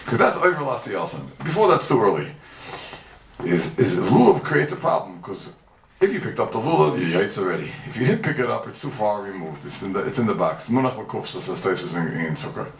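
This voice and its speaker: A man's voice: on the low side, big pitch swings, brisk, gravelly, a little hiss or hum. A man giving a Talmud lecture, talking animatedly and posing rhetorical questions with sing-song rises. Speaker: Talmud teacher. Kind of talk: yeshiva-style Talmud lecture. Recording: echoey room, speaker far from mic.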